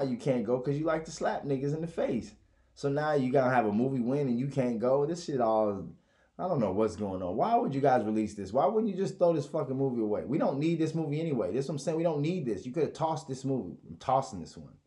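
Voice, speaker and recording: A man's voice: medium pitch, very animated, quick pace, dark tone. A man hosting a podcast in a casual, profane monologue, rambling and mocking others with put-on voices. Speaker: podcast host.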